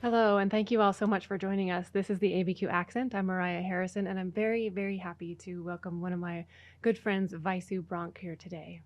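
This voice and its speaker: A woman's voice: fairly low pitch, steady tone, a little fast, faint music behind. A woman hosting a podcast, chatting casually with her guest and using plenty of fillers. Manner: warm, chatty, many fillers. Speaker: podcast host. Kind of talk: casual interview.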